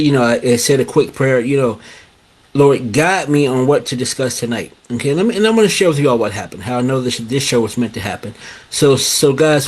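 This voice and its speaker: Middle-aged male host, husky, loose repetitive live-stream delivery. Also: medium pitch. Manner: repetitive, restarts phrases, addresses "guys". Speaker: show host. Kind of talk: casual live-stream talk.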